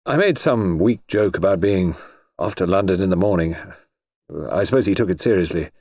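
A man voicing a nervous, uneasy young wife in an audiobook reading, hesitant and halting. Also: deep voice, animated, darkish tone, no echo, clean studio sound.

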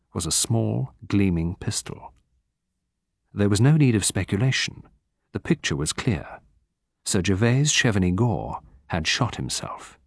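A man narrates an audiobook in a steady, measured storytelling style. His voice is on the low side, recorded in studio quality with no echo.

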